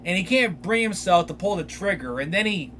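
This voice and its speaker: A young man hosting a podcast, retelling a film in a rambling, animated way with lots of fillers. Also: high voice, brisk, slight background noise. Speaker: podcast host. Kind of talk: casual solo film recap.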